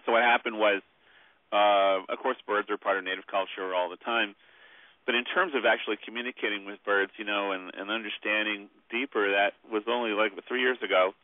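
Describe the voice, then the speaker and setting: Speaking briskly in a steady, fairly low voice, the man, an author interviewed by phone, wanders through his anecdotes with plenty of filler words. There is no room sound, though the phone line is tinny.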